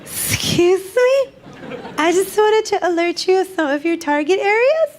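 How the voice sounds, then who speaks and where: A woman voicing a tiny, pushy female gym trainer in a high, sing-song squeak. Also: lively intonation, measured pace, a little hiss or hum. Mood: prissy. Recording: stage mic with audience crowd.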